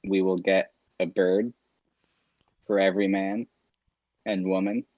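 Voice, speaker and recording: A young man with a fairly low voice drops dry, sarcastic asides in a podcast chat. His audio sounds dull and lo-fi, with no room echo, and he keeps a calm, even delivery. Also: measured pace. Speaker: podcast co-host. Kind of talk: casual banter.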